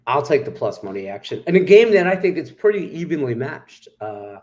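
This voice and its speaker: A man's voice: fairly high pitch, big pitch swings, a little fast, darkish tone. A man hosting a sports betting show, chatting casually, joking and laughing with his co-hosts, with hiccups. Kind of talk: casual chat.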